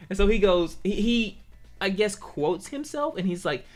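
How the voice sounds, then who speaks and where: A man's voice: high-pitched, expressive, normal speed, faint music behind. A man telling a story in a casual vlog, swearing freely, with lots of stumbles and restarts. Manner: profane, rambling, lots of restarts. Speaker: YouTuber.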